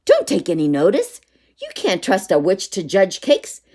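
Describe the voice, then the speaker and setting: A woman's voice: medium pitch, wildly swooping pitch, normal speed, warm tone. A woman voicing a sensible young boy in a storybook, speaking earnestly and with warning.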